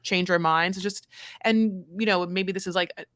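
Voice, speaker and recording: A woman's voice: lowish voice, steady tone, normal speed, a bit bright, no room sound, studio quality. Emphatic woman rambling in recap chat. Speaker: podcast co-host.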